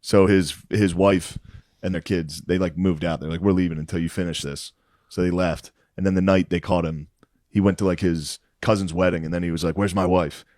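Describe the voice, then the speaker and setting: A man hosting a casual podcast, joking deadpan and recapping a show he watched. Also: sits low, a little fast, dry recording, studio quality. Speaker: podcast host.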